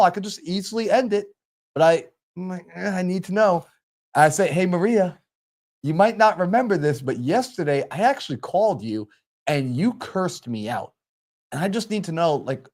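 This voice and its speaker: A man's voice: mid-range voice, darkish tone. A man, a real estate investor, telling a story on a group call and acting out both sides of a phone conversation.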